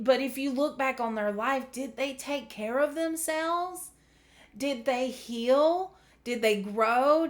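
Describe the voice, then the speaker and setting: Slow-talking earnest woman tarot reader. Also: a little high. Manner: chatty, earnest, trailing off into filler words. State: emotional. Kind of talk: casual spiritual reading to camera.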